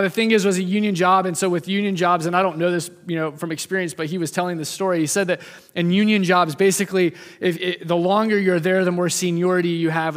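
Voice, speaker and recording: A male preacher telling a story in a sermon, speeding up and slowing down for emphasis. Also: sits high. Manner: lively storytelling, shifts from fast to slow, emphatic. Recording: long hall reverb.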